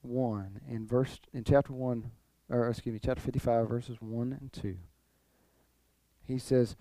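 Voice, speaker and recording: Male pastor, animated sermon delivery, mellow tone, dry close sound. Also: mid-range voice, unhurried, dry recording. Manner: animated, acts out quoted voices, repeats phrases.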